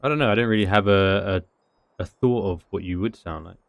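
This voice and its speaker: Young british guy streaming, slangy chatty, lowish voice, dry close sound. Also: fairly quick, gravelly, dry recording. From United Kingdom. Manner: slangy, chatty, lively reactions. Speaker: livestreamer. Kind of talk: casual livestream chat.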